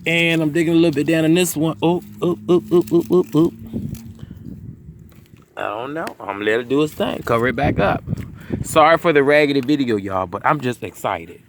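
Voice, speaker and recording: A man casually vlogging about his garden outdoors, talking excitedly to his viewers into a phone camera. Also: on the high side, fairly quick, slight background noise. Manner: excitable, chatty, keeps saying "y'all".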